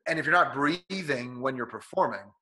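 A man with a mid-range voice speaks at normal speed as an interview guest, coaching listeners on performing amid slight background noise. He sounds bright and forceful with a slight nasal edge from illness, and he often acts out what others say with lively energy in this conversational interview.

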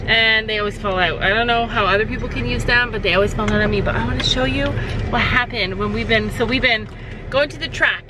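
A woman vlogging casually to her viewers, chatty and animated as she talks straight to the camera from her backyard. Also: fairly high pitch, quick pace, background noise. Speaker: family vlogger. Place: outdoors in a backyard.

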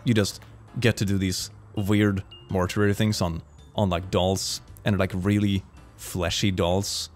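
A young man giving a jokey, excitable reaction commentary, often gasping and laughing. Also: low-pitched, unhurried, soft background music. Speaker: reaction video host.

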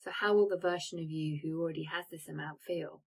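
A woman leads a live-streamed coaching talk, guiding gently and pausing to let listeners reflect. Her voice sits a little low, with an airy, breathy texture. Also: fairly even intonation, rough recording. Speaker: manifestation coach.

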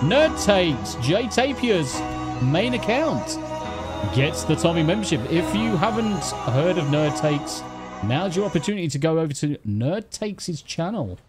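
Lively, sweary streamer. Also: male voice, on the high side, a little slow. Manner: swearing, teasing, reading out viewer thanks. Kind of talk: casual live-stream chat. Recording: faint music behind.

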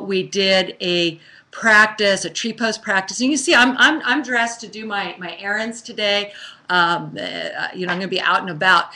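Chatty bright-voiced woman yoga teacher. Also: mid-range voice. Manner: chatty, restarts often, drops to slow soft affirmations. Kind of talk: casual live-stream yoga talk.

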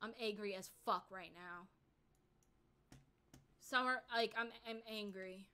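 Bright-voiced angry woman streamer. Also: medium pitch, slow pace, clear, resonant tone. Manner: ranting angrily with repeated fillers. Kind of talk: casual livestream chat.

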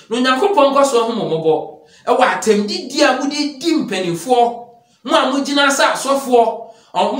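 A man's voice: extremely high pitch, fairly bright tone. Emphatic Ghanaian man preaching in echo. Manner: switches between Twi and English, emphatic and declamatory. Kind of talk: preaching response sermon.

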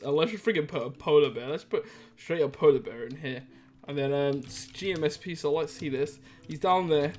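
A male YouTuber giving excitable gameplay commentary, giggling and laughing often. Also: a little high.

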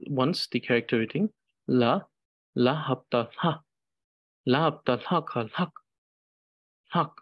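A man teaching pronunciation, saying syllables slowly over and over for learners to repeat. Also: mid-range voice, gravelly, breathy edge, dry recording, highs cut off. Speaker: language teacher. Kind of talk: slow pronunciation drill.

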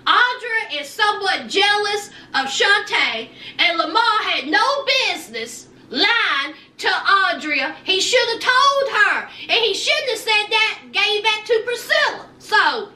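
This vlogger's voice is extremely high, and she talks slowly but with hardly any pauses, sounding roomy and distant from the mic. She recaps a reality show casually and energetically, acting out lines in voices and leaning on slang like "honey" and "child."

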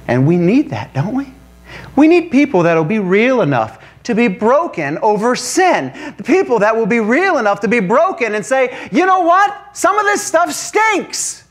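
A male pastor preaching a sermon to a congregation, animated and emphatic, with joking asides. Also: a little high. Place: church before a congregation.

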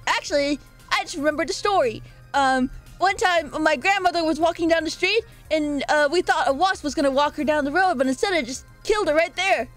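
High-pitched, young woman, casual stream chat, playful, giggly, faint background music. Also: a little fast, a bit bright. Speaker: live streamer. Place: her own room.

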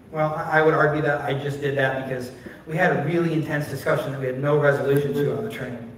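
A man's voice: on the high side, steady tone, quick pace, a little hiss or hum. Man pastor preaching far off in a very echoey sanctuary. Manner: candid, conversational, many "like" fillers. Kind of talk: personal storytelling sermon. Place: church sanctuary. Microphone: phone recording from a distance. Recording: distant, very echoey phone stream of a church.

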